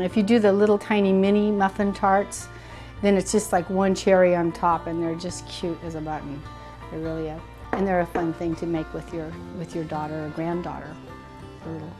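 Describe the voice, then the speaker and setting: Middle-aged woman, low-pitched, chatty kitchen host demoing a recipe over faint music. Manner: chatty and enthusiastic, thinks aloud. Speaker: cooking show host. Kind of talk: casual cooking demonstration.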